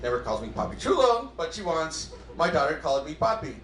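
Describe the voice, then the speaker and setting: Animated man doing stand-up in a club. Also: a little high, slight background noise. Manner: animated, acts out dialogue in quick bursts. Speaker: stand-up comedian. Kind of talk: stand-up comedy set. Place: comedy club stage before a live audience. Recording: roomy club sound.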